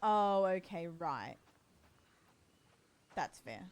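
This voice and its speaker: A woman's voice: medium pitch, sing-song, unhurried, long pauses. A woman livestreaming a game, chatting casually and reassuringly with her viewers. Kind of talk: casual gaming stream chat.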